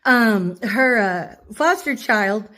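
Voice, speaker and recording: A woman's voice: fairly high pitch, expressive, takes it slowly, bright, forceful tone. A woman telling a rambling story in a casual vlog, laughing often and swearing freely. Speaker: vlogger. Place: her cousin's home.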